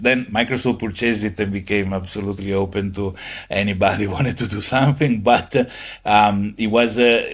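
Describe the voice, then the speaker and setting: Low-voiced man, halting speech. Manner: halting, many fillers, non-native phrasing. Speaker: guest. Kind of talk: conversational interview.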